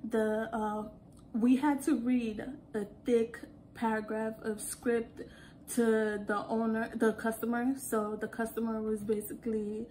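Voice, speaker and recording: A young woman telling work stories in an animated, casual way, laughing as she goes. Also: fairly high pitch, measured pace, a little hiss or hum. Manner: animated, acts out quotes, laughs often. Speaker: call center worker. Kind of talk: casual storytelling vlog.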